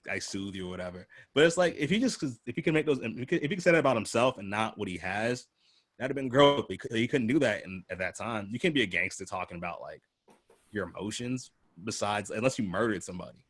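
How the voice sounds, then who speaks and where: A man's voice: fairly low pitch, lively intonation, fast. A man hosting a casual podcast chat, telling loose, profane stories and acting out the people he quotes. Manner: loose, profane storytelling that acts out quoted voices. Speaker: host.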